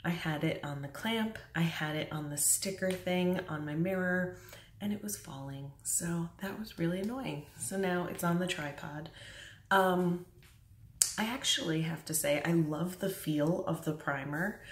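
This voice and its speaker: At a mirror in her home bathroom or bedroom, a young makeup vlogger chats casually through an early-morning tutorial, self-deprecating and sometimes speaking softly. Her voice is on the low side and unhurried. The echoey room places her at a distance, with slight background noise.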